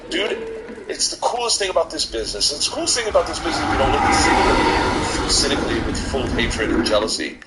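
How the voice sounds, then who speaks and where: A man's voice: fairly high pitch, big pitch swings, fast talker. A man who is a guest comedian in a casual podcast chat, rambling and repeating himself, swearing freely and getting choked up as he talks. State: emotional, near tears. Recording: noisy recording.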